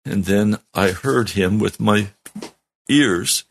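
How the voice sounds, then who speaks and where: A man's voice: on the low side, slow, creaky. A middle-aged man, a pastor, telling his testimony in a sermon, earnest and heartfelt with strong emphasis.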